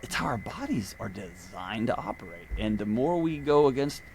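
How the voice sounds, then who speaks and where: A man, a podcast guest, talking in a casual conversation and telling animated stories. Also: lowish voice, moderate pace, vocal fry, slight background noise. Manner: animated storyteller.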